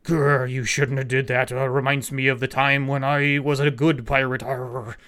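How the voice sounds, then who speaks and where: A man voicing a gruff, regretful male pirate captain from a cartoon with growly mock-pirate talk. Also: medium pitch, flat delivery, moderate pace, a bit bright, lightly acted.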